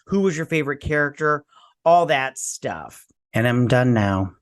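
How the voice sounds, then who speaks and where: A man's voice: mid-range voice, expressive, a little slow. A man hosting a casual review vlog, blunt, sarcastic and dismissive in tone. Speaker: host.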